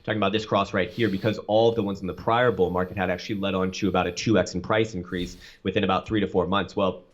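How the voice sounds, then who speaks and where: A man walking through chart analysis on a call as a guest, rapid and full of restarts, in dull lo-fi call audio. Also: low voice, fairly even intonation.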